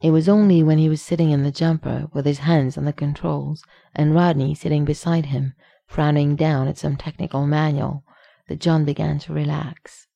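Low, gravelly woman reading a story. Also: steady tone, moderate pace, mellow. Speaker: narrator. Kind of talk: audiobook fan fiction reading.

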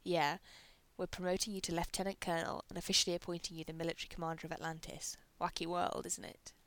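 A woman's voice: fairly low pitch, little pitch movement, quick pace, close to an everyday voice. A woman voicing a laid-back, sardonic male general in a read-aloud story.

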